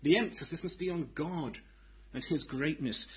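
A preacher delivers a sermon in a high, bright, slightly husky voice, shaping each line with deliberate emphasis. He swings dramatically between hushed, near-whispered passages and loud, ringing declarations, yet the brightness never fades even at his softest. The audio quality is poor.

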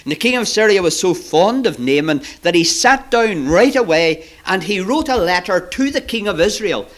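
A man preaching to children, retelling a Bible story in an animated, dramatic way. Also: sits high, normal speed.

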